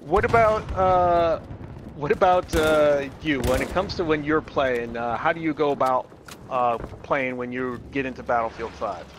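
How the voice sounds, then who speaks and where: Halting male interviewer over gunfire. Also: fairly high pitch, noisy background. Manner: halting questions with many fillers. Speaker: interviewer host. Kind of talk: casual interview questions.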